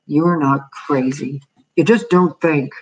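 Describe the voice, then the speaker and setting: A woman voicing a proud, stern father who grumbles at his family in a storybook reading, with a husky voice. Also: sits low, slow pace, far from the mic, slight background noise, low-quality recording. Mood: gruff.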